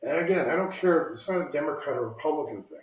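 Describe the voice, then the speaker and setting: A man's voice: a little high, animated, fast, recorded from a distance. A man hosting a casual podcast, speaking bluntly about politics and swearing freely. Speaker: podcast host. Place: home room, lives in Washington state. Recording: roomy echo, somewhat off-mic.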